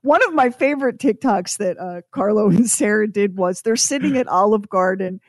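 A woman's voice: mid-range voice, expressive, normal speed. A woman hosting a radio show, telling a story in an amused, chatty way. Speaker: radio host. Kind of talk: casual radio chat.

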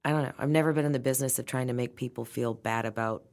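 Low-voiced chatty woman chef. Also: steady tone, rapid-fire, a little mellow. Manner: chatty, emphatic, playful. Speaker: chef and restaurant owner. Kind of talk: casual conversation.

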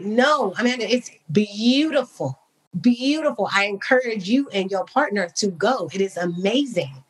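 A woman's voice: medium pitch, a little slow, slightly rough, rough recording. Enthusiastic woman telling her story. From Napa, California. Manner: animated, enthusiastic storyteller with many fillers. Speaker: podcast guest, wine entrepreneur. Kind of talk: casual interview chat.

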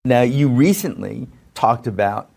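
A man interviewing a guest in a warm, supportive way. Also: mid-range voice, animated, measured pace, creaky, noisy background. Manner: encouraging, supportive. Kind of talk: interview questions.

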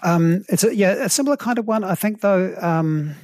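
A middle-aged man with a New Zealand accent, a professor calmly explaining evolutionary ideas in an interview, thoughtful and measured. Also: high-pitched, no echo. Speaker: guest, evolutionary psychology professor.

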